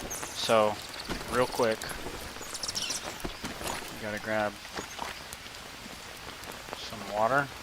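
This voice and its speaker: A man giving a relaxed, filler-heavy gameplay tutorial. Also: on the low side, drawn-out words, long pauses. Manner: relaxed, drawling, many fillers. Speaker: game tutorial host. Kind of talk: casual gameplay tutorial commentary. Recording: loud game rain noise behind. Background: loud rain and jungle game sounds.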